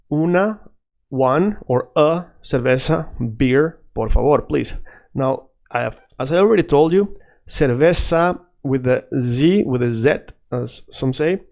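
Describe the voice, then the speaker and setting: A man teaching a casual video lesson, animated and drilling words by repetition. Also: medium pitch, measured pace, vocal fry. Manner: animated, switches between English and Spanish, repeats words for drill. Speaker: Spanish teacher.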